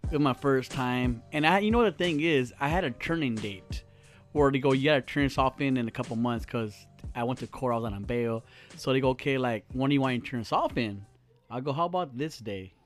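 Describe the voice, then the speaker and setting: A man's voice: medium pitch, fairly quick, faint music behind. A young man hosting a podcast, chatting casually, joking and swearing freely in a small studio. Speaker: podcast host.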